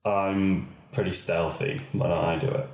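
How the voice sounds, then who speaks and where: A man playing in a tabletop role-playing game, speaking calmly and reassuringly as his character. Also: sits low, unhurried. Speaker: player. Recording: echoey room.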